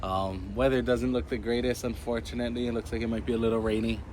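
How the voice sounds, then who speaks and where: A young adult man with a stuffed-up, congested voice, giving a relaxed, chatty vlog update. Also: medium pitch, fast. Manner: relaxed, chatty, many ums. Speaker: car salesman vlogger. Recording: background noise behind the voice.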